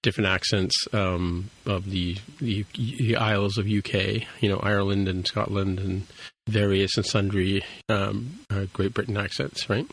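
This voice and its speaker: A man's voice: lowish voice, steady tone, unhurried, hardly any pauses, slightly rough, rough recording. A man co-hosting a podcast in casual chat, rambling with many restarts and fillers. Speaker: podcast co-host.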